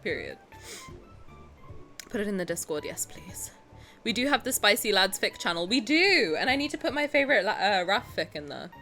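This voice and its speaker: A woman's voice: medium pitch, sing-song, normal speed, sharp tone, soft background music. A young woman streamer chatting casually with her viewers as she reacts, gushing and often breaking into laughter.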